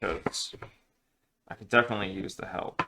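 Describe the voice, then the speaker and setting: This casual cooking vlog features a man cooking in his home kitchen, rambling and poking fun at himself. His voice sits low with fairly even intonation at a moderate pace, over some background noise.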